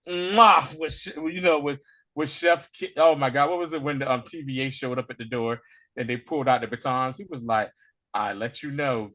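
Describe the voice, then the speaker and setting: A man co-hosting a casual movie review podcast, laughing often and acting out lines from scenes. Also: a little high. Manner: animated, laughs often, acts out quotes from scenes. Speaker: podcast co-host.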